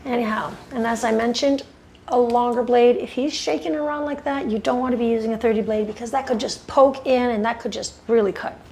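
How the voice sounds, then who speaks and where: A woman's voice: fairly high pitch, fairly even intonation, fairly quick, darkish tone, a little hiss or hum. A woman dog groomer talking viewers through a groom while she coaxes and firmly corrects the dog. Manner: coaxing and firm with a dog, chatty asides to viewers. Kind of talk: grooming tutorial talk. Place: grooming table indoors.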